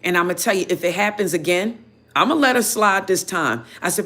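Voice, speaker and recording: A woman tarot reader casually telling viewers a story in an animated, chatty way, full of "you know" fillers. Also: mid-range voice, fast talker. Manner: animated, chatty, heated when retelling.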